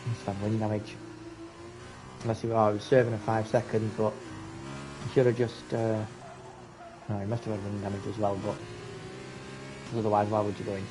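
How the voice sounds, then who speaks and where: A man giving casual live commentary on a sim racing event, chatty and excitable at close battles. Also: lowish voice, moderate pace, long pauses, background noise. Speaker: race commentator.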